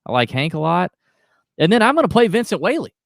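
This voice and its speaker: A man's voice: high voice, very animated, brisk, gravelly, dry recording, clean studio sound. Rambling, jokey man. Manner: rambling, self-interrupting, jokey. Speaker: co-host of a golf betting podcast. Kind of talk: casual chat.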